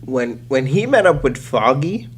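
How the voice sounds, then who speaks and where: Young man, casual podcast co-host, animated, faint hum. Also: mid-range voice, measured pace. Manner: animated, acts out quotes from scenes. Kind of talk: casual chat.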